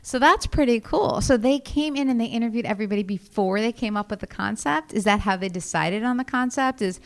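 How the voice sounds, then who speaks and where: A woman's voice: on the high side, a little fast. A woman hosting an interview podcast, attentive, summing up and checking her guest's points. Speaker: podcast host.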